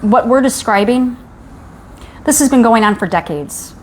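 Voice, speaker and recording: A woman's voice: fairly high pitch, animated, a little slow, a little mellow, slight background noise. A woman hosting a live stream, speaking in an urgent, rallying way about speaking up and sharing stories. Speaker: host. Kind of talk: live-stream advocacy talk.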